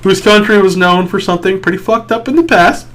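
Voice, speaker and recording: A man's voice: high-pitched, fairly quick, a bit bright, rough recording. Laughing young man chatting on a podcast. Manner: laughs often, retells stories with put-on voices. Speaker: podcast co-host. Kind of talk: casual podcast chat.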